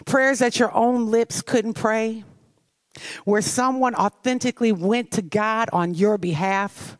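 A woman with a mid-range voice gives a devotional message built around her personal testimony, recorded with no room sound. She is earnest and confessional and often turns to ask the listener questions.

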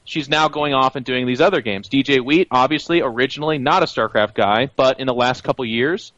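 A man's voice: mid-range voice, brisk, a bit bright, no echo. Opinionated man on a slightly dull call. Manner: opinionated, talks in long runs. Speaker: podcast co-host. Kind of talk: casual esports podcast chat.

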